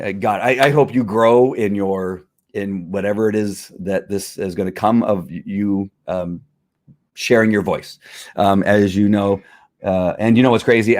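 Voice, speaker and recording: A man hosting a podcast, talking in heated, rambling political commentary, full of restarts and worked-up outbursts. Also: on the low side. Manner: fired-up, rambling, with frequent restarts. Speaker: podcast host.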